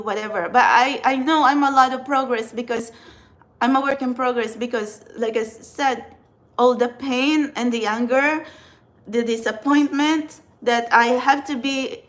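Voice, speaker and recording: A woman's voice: on the high side, fairly bright tone. A woman from the Philippines with a Filipino accent, talking casually to camera as a tarot reader and spiritual channeler. She rambles earnestly and often restarts her sentences.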